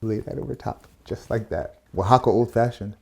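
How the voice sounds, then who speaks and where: A man's voice: on the low side, normal speed, creaky. A man hosting a casual cocktail tutorial, chatty and playful, with asides and slang as he builds a drink. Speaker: bartender and channel host.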